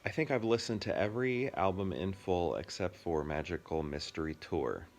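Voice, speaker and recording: Deep-voiced easygoing man, thirties, casual co-host who rambles and laughs. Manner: easygoing, laughs often, drawn-out explanations. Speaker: podcast co-host. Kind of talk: casual chat.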